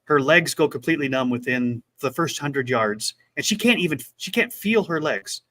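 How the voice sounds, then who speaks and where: Guy co-hosting a chat, tells the story with feeling, voice sits a bit high. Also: moderate pace. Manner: animated retelling, acts out quotes. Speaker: podcast co-host.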